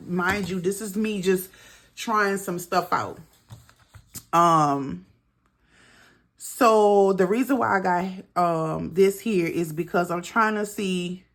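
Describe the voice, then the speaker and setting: A middle-aged woman talks through her monthly budget in an unhurried, drawn-out way, calling out figures and chatting to her viewers as she goes. Her voice sits on the lower side, and typing on a keyboard can be heard behind her. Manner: chatty, talks to viewers as girl and y'all while adding up figures. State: out of breath. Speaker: budgeting vlogger. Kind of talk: casual budget walkthrough.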